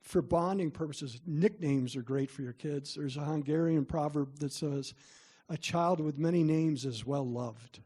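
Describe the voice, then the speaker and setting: A man's voice: on the high side, a little slow, few pauses, warm tone, slightly rough. A middle-aged man giving a parent workshop, telling chatty, self-deprecating stories to the room. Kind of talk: storytelling talk to parents.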